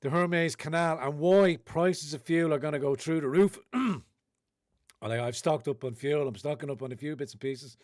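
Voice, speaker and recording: A man's voice: fairly high pitch, moderate pace, darkish tone, dry recording, studio quality. A man with an Irish accent hosting a livestream, ranting with heavy sarcasm and frequent swearing. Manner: sarcastic, profane, rambling. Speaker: livestream host.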